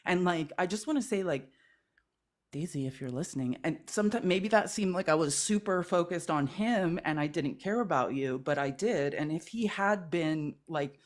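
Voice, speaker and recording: A woman's voice: lowish voice, normal speed. A woman guest in a casual conversation, telling a personal story in an earnest, rambling way with many fillers. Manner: earnest, rambling, heavy use of 'like'. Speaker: guest creator.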